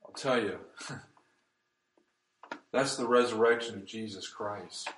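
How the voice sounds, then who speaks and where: A pastor preaching a sermon, swinging between loud emphasis and hushed, soft passages. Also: male voice, lowish voice, slow pace, long pauses, roomy sound, a little hiss or hum, low-quality recording.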